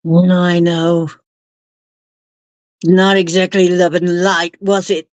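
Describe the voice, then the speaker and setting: A woman's voice: lowish voice, level tone, takes it slowly, darkish tone, no room sound. A woman hosting a live stream, chatting casually with viewers and giggling often. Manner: giggly, laughs often while reading chat.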